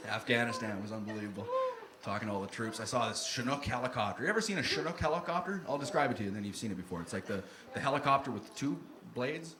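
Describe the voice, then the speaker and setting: A man from Canada with a Northern Ontario accent doing animated stand-up comedy on a club stage. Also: mid-range voice, fast talker. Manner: very animated, swaggering. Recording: live club, loud crowd and noise.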